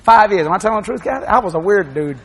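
An older man preaching a sermon, animated, shouting and laughing as he acts out scenes. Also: high-pitched, very fast, a little hiss or hum.

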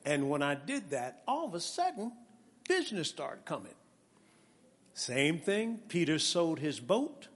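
A high-pitched male preacher with a swooping, lively delivery and a bright, tense edge, calling out to his congregation and rising into shouts. His voice rings with the long reverb of a big church hall. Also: unhurried. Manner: animated, calls out to the congregation, builds to shouting. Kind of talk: sermon with personal testimony.

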